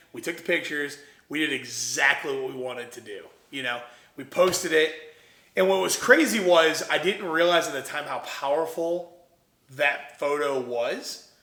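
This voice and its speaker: A young man from Ohio, an entrepreneur guest, telling his story in a casual, animated way and acting out what others said. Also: a little high, normal speed, echoey room. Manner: animated, quotes himself and others in lively voices.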